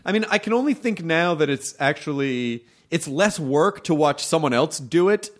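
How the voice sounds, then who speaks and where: A man's voice: on the high side, animated, moderate pace. A man hosting a podcast, chatting casually and rambling, cursing now and then. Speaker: podcast host. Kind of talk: casual chat.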